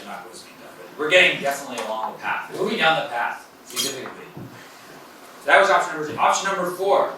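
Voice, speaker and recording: Professor guy lecturing, bright clear voice, booming echoey hall, picked up from far off. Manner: conversational, with many fillers and self-corrections. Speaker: university professor giving a guest lecture. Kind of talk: academic lecture. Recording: very echoey hall, voice from a distance, faint noise.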